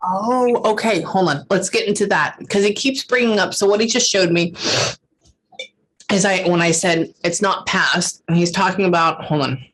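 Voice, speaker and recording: A woman's voice: on the low side, normal speed, fairly bright tone. A woman working as a psychic medium in a casual reading, emotional and swearing freely, often stopping to say hold on. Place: lives in Texas.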